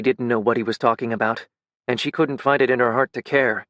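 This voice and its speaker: A man narrating a dark fantasy audiobook in a measured, intimate way. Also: medium pitch, fairly even intonation, dry recording.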